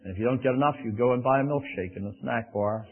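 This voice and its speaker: A man preaching a sermon, animated and raising his voice for emphasis, with folksy asides. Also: medium pitch, quick pace, narrow, tinny audio.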